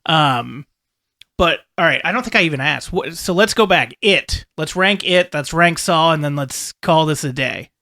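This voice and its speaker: A man's voice: a little high, expressive, moderate pace, bright, forceful tone, dry recording, studio quality. A man co-hosting a podcast in casual chat, emphatic and argumentative, swearing casually. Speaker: podcast co-host.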